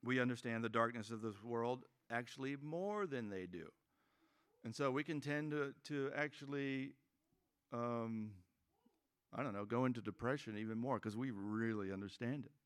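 A man's voice: medium pitch, moderate pace, smooth. A man preaching a sermon as pastor, conversational and joking, acting out quoted voices.

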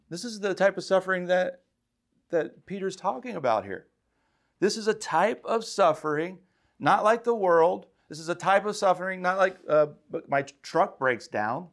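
A man preaching a sermon as a pastor, building to emphatic calls and acting out quoted voices. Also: high-pitched. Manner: impassioned, rising to emphatic calls.

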